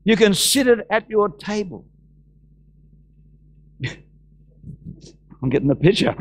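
An Australian man preaching from the pulpit in a church. He has a high-pitched voice and slows right down to stress and repeat Bible phrases. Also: big pitch swings. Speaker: pastor. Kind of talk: sermon.

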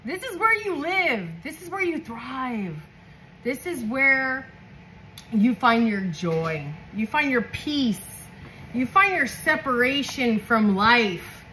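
A woman from California giving a casual tarot reading, excitable and heavily profane, often laughing. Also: high-pitched, slow pace, slight background noise, low-quality recording. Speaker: tarot reader.

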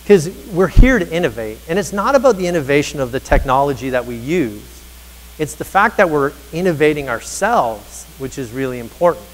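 A man giving a motivational keynote to educators, telling stories and acting out the dialogue with energy. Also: on the high side. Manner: energetic storyteller, acts out dialogue. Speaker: keynote speaker on teacher happiness. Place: large conference hall. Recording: reverberant hall.

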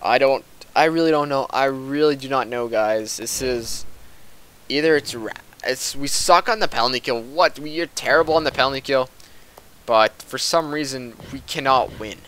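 A man's voice: medium pitch, normal speed, a bit bright, clean tone. A young man giving casual commentary over a hockey video game, frustrated and ranting with swearing. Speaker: gaming commentator.

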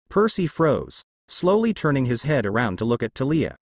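A man reading a fan fiction story aloud as narrator, with lively storytelling delivery. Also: mid-range voice, moderate pace, hardly any pauses, no room sound, studio quality.

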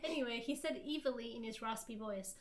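A high-pitched woman narrating fan fiction on a stream. She reads theatrically, with an amused, giggly edge, and breaks off to comment on the story. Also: a little fast. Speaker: livestream co-host reading fan fiction aloud. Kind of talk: comedic dramatic reading with banter.

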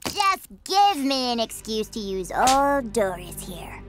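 Cartoon casting: a small, bloodthirsty tadpole girl, slow and morbid, very high and swooping. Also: big pitch swings. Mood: eager. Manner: gleefully morbid, threatening. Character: tiny fierce violent tadpole girl. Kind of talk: cartoon voice acting. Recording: music playing behind.

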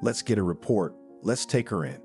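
A man's voice: on the low side, expressive, normal speed, warm tone, soft background music, lightly acted. A man voicing a pushy, arrogant school psychologist in a read-aloud story.

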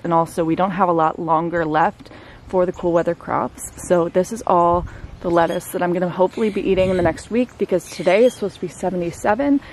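Woman, lowish voice, casual garden vlog, outdoors, handheld camera, faint noise behind. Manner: chatty, relaxed, filler-heavy. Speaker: gardening vlogger. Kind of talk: casual walk-through vlog. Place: outdoor backyard garden, windy.

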